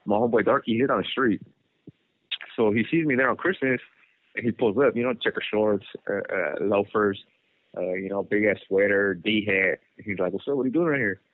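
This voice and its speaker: A man's voice: on the low side, steady tone, normal speed, no room sound. A man from Los Angeles, serving a prison sentence, telling his life story in a casual, rambling way over a phone call, with lots of fillers like "you know" and "like". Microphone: telephone. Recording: tinny prison phone line.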